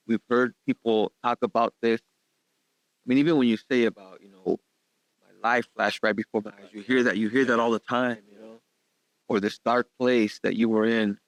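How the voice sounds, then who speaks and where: A man's voice: medium pitch, dry recording, poor audio. A man hosting a podcast interview, rambling and heavy on fillers, repeating his words. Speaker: podcast host. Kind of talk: conversational interview. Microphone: podcast studio mic.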